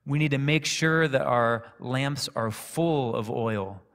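A man preaching a sermon, telling a personal story in a calm, conversational way. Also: medium pitch, slow. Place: church sanctuary. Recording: echoey church hall reverb.

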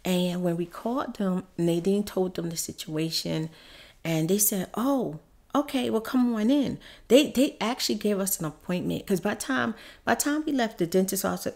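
A woman's voice: low voice, darkish tone. A woman heatedly telling viewers a personal storytime, repeating herself. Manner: heated, repetitive, addresses viewers as y'all. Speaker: YouTube storyteller. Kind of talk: emotional storytime.

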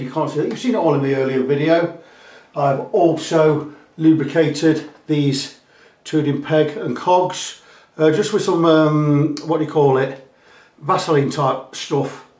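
A man's voice: on the high side, darkish tone. A luthier talking casually and plainly in his workshop, rambling a bit with fillers. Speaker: luthier and guitar repairer. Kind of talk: casual workshop video talk. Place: guitar workshop indoors. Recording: roomy echoey workshop.

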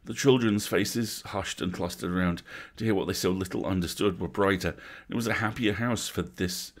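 A man reading a classic story aloud at a measured, atmospheric pace, as a bedtime story. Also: low-pitched.

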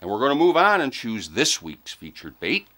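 A man's voice: mid-range voice, wildly swooping pitch, moderate pace, sharp tone. A man hosting a weekly giveaway vlog, talking to viewers in a playful, enthusiastic, joking way. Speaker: host of a fishing channel giveaway. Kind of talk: upbeat casual vlog address to viewers.

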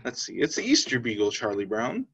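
Lively male teacher reading aloud. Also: medium pitch, fairly quick, gravelly, husky. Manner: expressive, lively storytelling. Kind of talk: children's read-aloud. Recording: slightly dull lo-fi sound.

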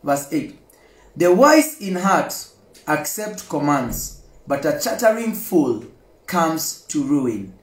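A man's voice: on the high side, very animated, slow. A man leading fervent prayer and reading scripture in a chanting, repetitive, impassioned way. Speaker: preacher. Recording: echoey room with loud backing music.

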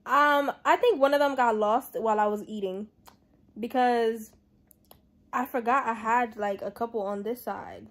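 Young woman vlogger, fairly high-pitched, casual, swears freely, talks straight to camera at home. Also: unhurried. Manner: blunt, swears a lot, slangy and chatty. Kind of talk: casual vlog talk to camera.

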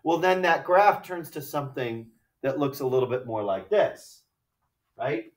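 A man's voice: medium pitch, animated, a little slow. A man teaching a math class, explaining step by step and often asking rhetorical questions like "right?". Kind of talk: classroom lecture. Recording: echoey room from far off the mic.

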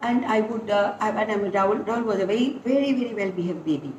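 In lo-fi sound from an echoey, faintly noisy room, an older woman talks fast at a medium pitch. She's a dance guru reminiscing in an interview, telling lively stories of her training and performing her teachers' words.

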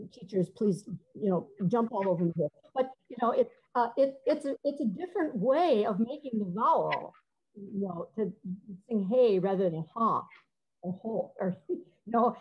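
Halting woman composer with lo-fi sound. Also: medium pitch. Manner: halting, searching for words, sings short phrases to demonstrate. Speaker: composer giving a talk. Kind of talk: conversational talk with many fillers and restarts.

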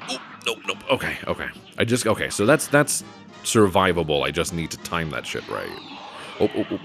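Over soft background music, a man with a deep, fairly bright voice talks through a game in casual let's play commentary, sing-song and brisk. He cusses frequently and jokes at his own expense.

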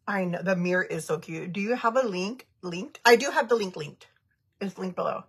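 A woman's voice: medium pitch, moderate pace, husky. A woman in her thirties chatting casually on a makeup livestream, giggling often and reading viewer comments aloud. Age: 30s.

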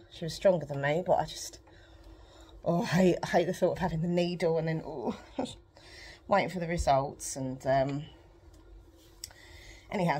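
A woman's voice: sits low, dark tone, slightly rough. A woman chatting candidly to camera at home while pedalling an exercise bike, rambling and emotional with frequent laughs. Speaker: vlogger. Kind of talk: rambling personal chat to camera.

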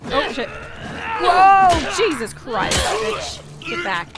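A woman's voice: a little high, big pitch swings, takes it slowly, loud music behind the voice. A woman streaming a game, reacting with jumpy screams, swearing and laughter. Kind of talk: live gameplay reactions.

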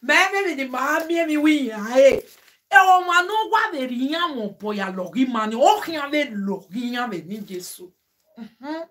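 Nigerian Pidgin-speaking woman, bright, forceful tone, emphatic preachy vlogger. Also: sits high, sing-song, normal speed. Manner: preachy, sermonizing asides; emphatic, exclaiming. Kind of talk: casual monologue to viewers.

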